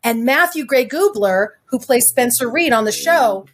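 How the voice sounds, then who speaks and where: A woman's voice: fairly high pitch, animated, a bit bright, slightly rough. A middle-aged woman, a podcast guest, talking effusively and rambling, a little stuffy from having cried. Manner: effusive, rambling, quick bursts of speech. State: stuffy nose from crying. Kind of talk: casual interview chat.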